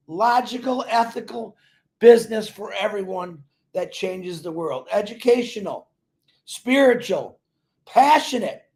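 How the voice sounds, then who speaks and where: A man's voice: extremely high pitch, darkish tone. A man giving a fervent, preachy motivational talk on a livestream, repeating words for emphasis. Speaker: company leader on a livestream.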